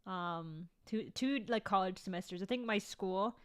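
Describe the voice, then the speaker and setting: A woman's voice: mid-range voice, a little slow, smooth. A young woman vlogging in casual chat to her viewers, rambling and swearing freely.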